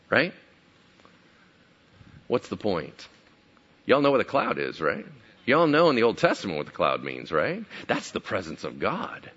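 A man preaching with a bright, lively voice that swings high and low, acting out scenes from the story. The recording sounds slightly dull and lo-fi. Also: normal speed. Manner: animated, acts out biblical characters. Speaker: pastor. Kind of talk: sermon.

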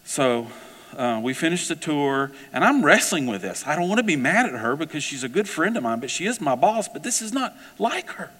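A man preaching a sermon, telling a personal story in a conversational, animated way. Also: a little high, fairly quick, in a large hall. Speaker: pastor.

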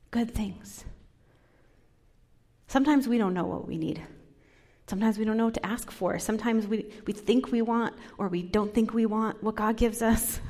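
A woman pastor giving a sermon, talking softly and dropping into whispers to stress her points. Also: fairly high pitch. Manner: soft, drops into whispers for emphasis.

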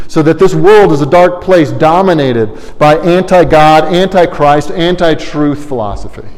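A man's voice: medium pitch, a little mellow. A man preaching a sermon as pastor, earnest and explanatory, painting vivid word pictures. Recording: long reverb of a large hall.

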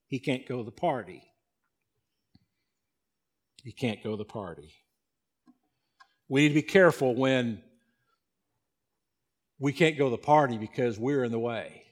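A male pastor delivering a sermon, swinging between loud emphasis and hushed, slow passages. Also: fairly high pitch, lively intonation.

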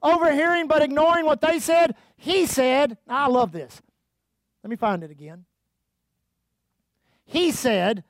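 Fervent high-voiced male preacher. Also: unhurried, long pauses, dry recording. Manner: fervent, calls out to the congregation; reads scripture aloud. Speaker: pastor. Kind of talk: sermon.

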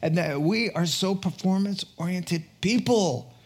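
A male preacher with a slightly high voice delivers a lively sermon. He urges his listeners on, repeats words for emphasis, and drops in joking asides at his own expense. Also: unhurried, husky. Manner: energetic, exhorting, repeats words for punch; jokey asides, laughs at himself.

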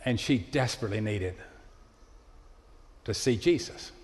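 A man preaching a sermon as pastor in a church sanctuary, swinging between loud appeals and hushed asides. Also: on the low side, expressive, unhurried. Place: church sanctuary with live congregation. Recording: long hall reverb of a church.

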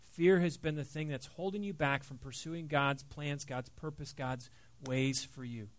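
A man's voice: a little high, steady tone, a little slow, no room sound. Earnest man preaching, conversational sermon. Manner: conversational, earnest, with many fillers and soft dips. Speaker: pastor. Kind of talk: sermon with personal story.

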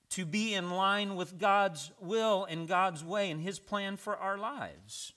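A man delivers a sermon in an easygoing, folksy way, weaving a story into his teaching. His voice sits a little high and sounds bright and clear. He talks like he's chatting with his congregation. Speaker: preacher.

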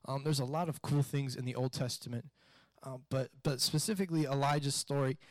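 A man's voice: mid-range voice, brisk, no echo. A man, a pastor, giving a sermon and telling a personal story, acting out the voices in it. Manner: animated storytelling with acted-out quotes.

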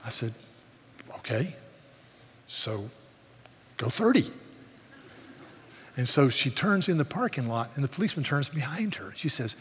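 A man preaching a sermon as pastor, animated, often restarting words as he goes. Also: medium pitch, a little slow, pauses often, slight background noise. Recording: long reverb of a large hall.

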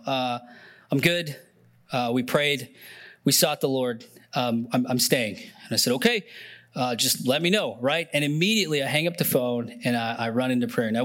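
A man's voice: mid-range voice, a bit bright. A young man preaching a sermon in an earnest, conversational way, often emotional and near tears, with many fillers and restarts. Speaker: pastor.

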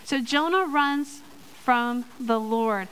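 A woman giving a sermon and reading a Bible story aloud, lively and playful with joking asides. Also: on the high side, slow, clear, resonant tone, rough recording. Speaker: church speaker in children's ministry.

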